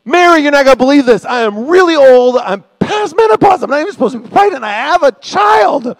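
A man voicing an astonished elderly woman who exclaims in a shrill, excited voice during a sermon. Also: a little fast, dry recording, studio quality, in a large hall. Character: elderly woman, astonished and excited about her late pregnancy.

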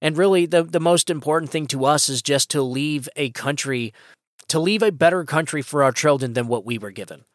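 A man's voice: a little high, brisk, no echo. A man with a slightly raised voice delivers a solo political opinion monologue on his podcast. He talks with emphatic, impassioned drive and keeps restarting his sentences as he goes. The sound is dry and close on a podcast mic. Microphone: podcast microphone.

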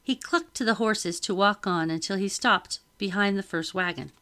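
Bright-voiced woman reading a novel aloud. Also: medium pitch, normal speed, clear, resonant tone. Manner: steady storytelling, occasional slips and restarts. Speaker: reader.

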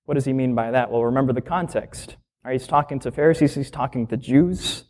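A man, a minister, preaching a sermon with emphatic, lively delivery, asking rhetorical questions and slowing down to stress key phrases. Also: mid-range voice.

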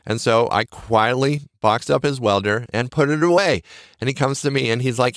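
A man's voice: mid-range voice, moderate pace, no room sound, clean studio sound. A middle-aged man hosting a podcast, giving earnest, encouraging motivational talk that circles back to its key phrases. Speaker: podcast host.

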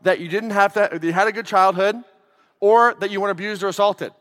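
A man giving a lively seminar talk as a life coach, putting questions to the audience. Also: high voice, fairly quick. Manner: energetic, asks the crowd questions. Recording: echoey hall.

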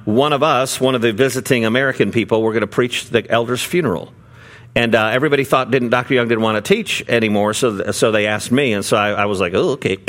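A middle-aged man, a pastor, preaching a sermon in a relaxed conversational way, with many fillers and restarts as he tells a story. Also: medium pitch.

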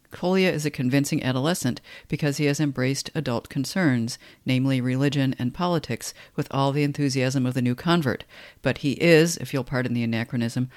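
A man giving scripted commentary on a novel for writers, measured and wry. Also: medium pitch, no echo, clean studio sound. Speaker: literature podcast host.

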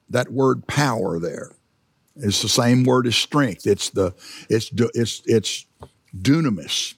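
Gravelly-voiced man preaching a sermon. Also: mid-range voice, expressive, slow pace, dry recording, studio quality. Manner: conversational, repeats words for emphasis.

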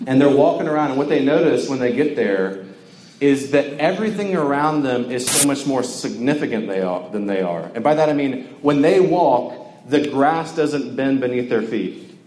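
Young male preacher from Georgia, loose and chatty, mid-pitched voice, reverberant hall with low background hum. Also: expressive, normal speed, a little mellow. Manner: conversational, joking, lots of filler words. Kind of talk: casual sermon to a campus crowd. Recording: echoey hall with faint ambience.

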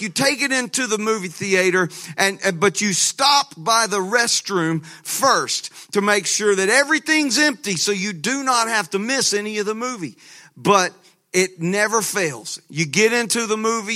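A man pastor preaching a sermon, telling a lively story with laughter and frequent restarts. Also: high voice, moderate pace.

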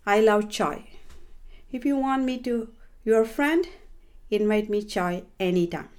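Slow, earnest older woman. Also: medium pitch, a little mellow. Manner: slow, careful and earnest, with small grammar slips. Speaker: guest. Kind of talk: prepared personal reflection.

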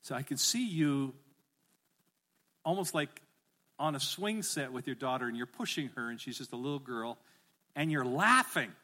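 A middle-aged man preaching a sermon as pastor, animated and rising to emphatic calls, asking the congregation to repeat phrases back. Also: mid-range voice, moderate pace, pauses often.

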